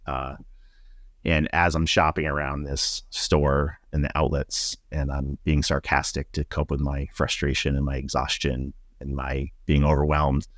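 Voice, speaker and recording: A middle-aged man, a podcast guest, telling a personal story in a reflective, halting way with many fillers. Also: rumbling low, little pitch movement, no room sound, studio quality.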